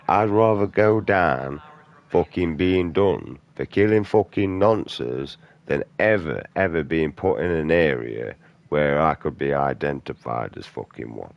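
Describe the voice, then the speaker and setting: A man's voice: a bass voice, expressive, a little slow, vocal fry, dry recording, highs cut off. A man, a gaming streamer delivering an aggressive, profane rant in blunt slang. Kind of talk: angry off-topic rant during gameplay.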